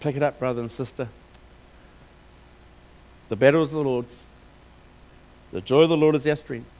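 A man preaching a sermon with passion, moving between quiet reflection and loud, emphatic declarations, with casual asides. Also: medium pitch, steady tone, moderate pace. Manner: informal, scattered with casual asides.

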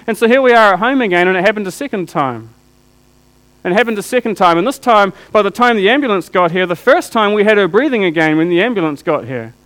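A man preaching a sermon, telling a deeply personal story with rhetorical questions that draw the listeners in. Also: fairly bright tone, poor audio.

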